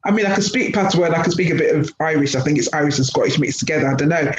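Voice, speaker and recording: A woman's voice: lowish voice, lively intonation, fast talker, few pauses. A middle-aged woman, a guest speaker on a webinar, talking earnestly and telling anecdotes over a video call. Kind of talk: webinar talk. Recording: roomy, dull video-call audio, faint noise.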